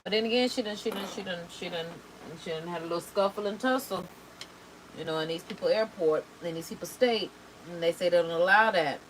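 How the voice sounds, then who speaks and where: A woman's voice: fairly low pitch, fairly quick, a little hiss or hum, low-quality recording. A woman chatting casually while doing her makeup on camera. She talks in slang and repeats words for emphasis. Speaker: beauty vlogger.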